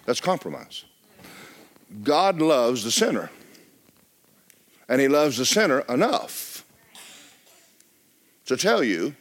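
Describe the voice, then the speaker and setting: Animated man preaching a lively sermon. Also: medium pitch, slow, pauses often. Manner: animated, joking asides to the congregation. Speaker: pastor. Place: church.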